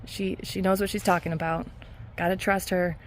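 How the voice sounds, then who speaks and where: A woman hypnotherapist talking casually in a self-help vlog, earnest and encouraging, with soft laughs. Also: fairly low pitch, level tone, normal speed, slight background noise. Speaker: hypnotherapist and mindset coach.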